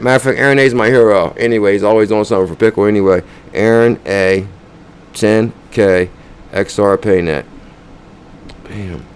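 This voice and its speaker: A crypto channel host with a smooth, fairly low voice keeps his livestream chat casual and loose. He reads off a countdown of names and pushes viewers to leave likes and comments.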